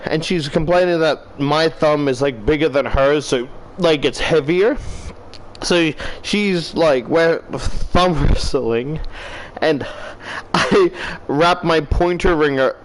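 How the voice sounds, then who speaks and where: A man's voice: fairly high pitch, takes it slowly, a little hiss or hum, low-quality recording. A young man telling a casual, rambling story while gaming, swearing often and filling his talk with likes and rights. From Australia. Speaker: gaming YouTuber.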